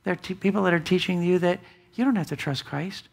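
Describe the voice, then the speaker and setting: A man preaching a sermon as pastor in a church, emphatic, with big swings from loud declarations to hushed asides. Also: high-pitched, fast talker, gravelly. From United States. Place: church sanctuary.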